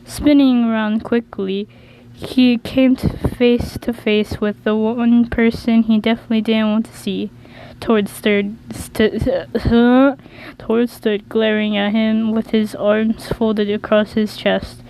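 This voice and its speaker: A woman reads a fan story aloud, slowly, tripping over words and correcting herself as she goes. Her voice sits fairly high. The delivery is casual and unpolished. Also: little pitch movement, vocal fry, warm tone, slight background noise, low-quality recording. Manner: stumbling, self-correcting. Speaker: reader.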